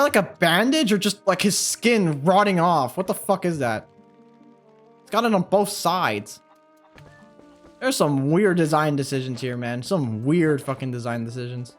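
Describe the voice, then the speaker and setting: Excitable swearing man with a high voice. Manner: excitable, swears often, laughs a lot. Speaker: gaming channel host. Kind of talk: casual let's play commentary.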